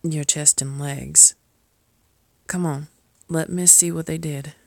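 Woman doing audio roleplay, slow gravelly voice, scolds then soothes, lots of whispering. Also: low voice, steady tone, dry recording. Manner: soothing, scolding and tender, often dropping to a whisper. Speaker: caring mistress speaking to a listener. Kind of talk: audio role-play.

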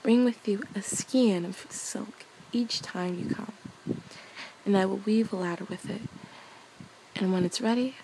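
A woman voicing a gentle young maiden in a storybook reading, speaking softly and earnestly. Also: mid-range voice, measured pace, gravelly, pauses often, a little hiss or hum, poor audio.

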